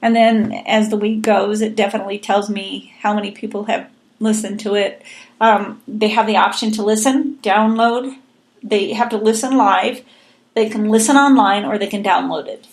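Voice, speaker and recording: A woman's voice: medium pitch, fairly even intonation, moderate pace. A woman hosting a podcast, chatting earnestly and encouragingly, often repeating her words. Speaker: podcast host. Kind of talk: casual chat.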